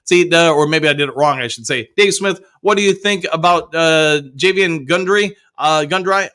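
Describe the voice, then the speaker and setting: A man's voice: fairly high pitch, moderate pace, bright, forceful tone, clear, resonant tone. A middle-aged man hosting a live fan show, chatting casually and reading viewer comments aloud with cheerful whoops.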